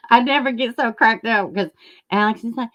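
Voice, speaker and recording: Greeting people in the chat, a woman who streams true crime rambles in an unhurried, fairly high and slightly bright voice. The high frequencies are cut off, and her microphone cuts out now and then.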